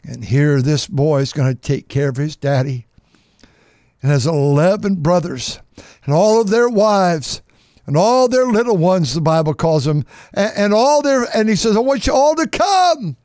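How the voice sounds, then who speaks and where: A man preaching a sermon, reading scripture aloud and repeating phrases for emphasis, swinging from loud outbursts to hushed tones. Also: fairly high pitch, measured pace, no echo, studio quality. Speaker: pastor.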